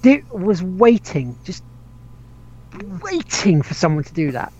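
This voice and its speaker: A podcast host chats loosely about gaming, stumbling over restarts, laughing, and tossing in casual swears. His voice is a bit high for a man, mellow, and measured, with big pitch swings. The audio sounds dull and lo-fi.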